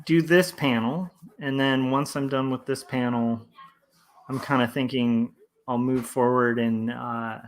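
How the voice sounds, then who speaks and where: In a home studio, a comic artist in his thirties livestreams while drawing, chatting in a relaxed, friendly way. His medium-pitched voice moves at a measured pace as he rambles with many fillers and restarts and reads chat messages aloud, over a slight hiss or hum.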